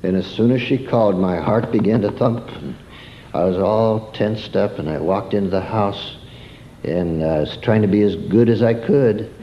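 A man's voice: fairly low pitch, normal speed, lo-fi sound, slight background noise. A man preaching a sermon through a homespun childhood story, turning to ask his listeners questions.

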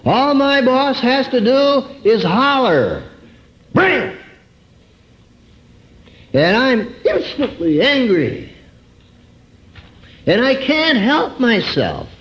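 Slow earnest male preacher, lo-fi. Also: big pitch swings, a bit bright. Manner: earnest, with dramatic swings between high emphasis and low drawn-out words. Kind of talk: personal testimony sermon. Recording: dull lo-fi recording.

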